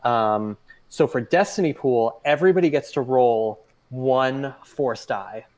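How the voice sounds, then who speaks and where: A man's voice: medium pitch, measured pace, a little mellow. A man as game master, patiently and methodically explaining rules over voice chat, with frequent fillers.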